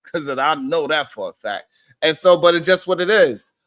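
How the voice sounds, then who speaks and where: A man with a somewhat higher voice hosts a casual live stream. He greets chat viewers by name as he goes and argues his point in a loose, repetitive, conversational way. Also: animated, normal speed, a bit bright. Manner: conversational, repeats himself as he rambles.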